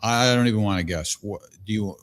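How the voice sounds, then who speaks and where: A man's voice: lowish voice, fairly quick, fairly bright tone. A man hosting a call-in talk show, chatty and easygoing with a bemused streak. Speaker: host. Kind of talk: casual talk show chat.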